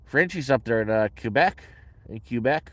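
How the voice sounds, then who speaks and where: A man speaks in a blunt, matter-of-fact way, dropping the odd swear word into casual talk. His voice sits at an ordinary middle pitch. The sound is close and dry, with no room echo. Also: lively intonation, moderate pace. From Canada. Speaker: vlogger answering viewer questions. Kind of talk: casual chat. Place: his shelter.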